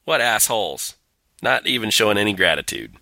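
A man's voice: lowish voice, sing-song, brisk, bright, forceful tone, dry recording. A man co-hosting a casual talk show, sardonic and profane, reading scripture aloud in mock-dramatic tones. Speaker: podcast co-host.

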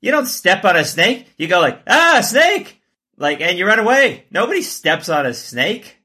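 Male podcast co-host, high and bright with a husky grain, playful and exaggerated. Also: normal speed. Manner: animated, laughing, jumps into high exaggerated pitch for jokes. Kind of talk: casual comedic chat.

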